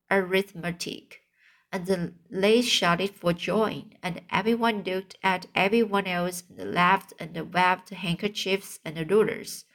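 Slow, careful woman reading a storybook. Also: mid-range voice. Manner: slow, careful, restarts on hard words. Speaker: narrator. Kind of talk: reading a children's book aloud.

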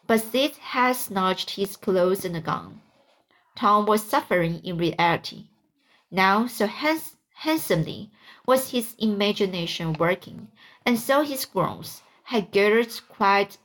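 A woman reading a classic storybook aloud at an unhurried pace, with small slips and restarts. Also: mid-range voice, animated, fairly bright tone. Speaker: audiobook narrator.

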